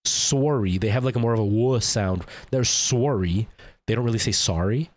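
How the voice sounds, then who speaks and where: A man's voice: fairly low pitch, normal speed, no echo. A young man from El Salvador with a Canadian English accent, Spanish as his first language, chatting loosely on a stream and filling his talk with "like.". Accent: Canadian English with some American. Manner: rambling, lots of "like", mimics others' voices. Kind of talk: casual stream chat.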